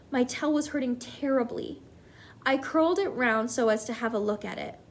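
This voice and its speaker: A woman teacher reading a children's book aloud to her class, with expressive, animated delivery. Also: on the high side, moderate pace, a little hiss or hum.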